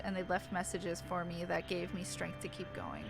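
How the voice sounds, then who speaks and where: A young adult woman streams to her chat, reading aloud with drama before switching to casual talk full of gushing and free swearing. Her medium-pitched voice moves briskly with few pauses, and the low-quality recording carries background music.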